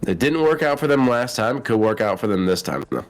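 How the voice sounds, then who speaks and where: A man's voice: mid-range voice, lively intonation, brisk. A man giving casual esports commentary, joking around and laughing often.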